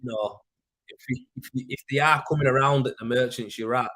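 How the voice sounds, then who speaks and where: Yorkshire man, livestream host, casual rambling chat, mid pitch, swears and fills gaps. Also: steady tone, a little fast, sharp tone, rough recording. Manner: rambling, chatty, with fillers and swearing. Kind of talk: casual live chat reading viewer comments. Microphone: plugged-in desk mic.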